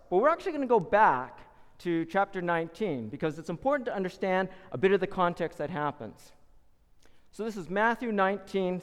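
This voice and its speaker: A man delivers a sermon, telling the story with dramatic flair and acting out the voices of its characters. His smooth voice sits high and swings widely in pitch, and a long hall reverb follows each phrase.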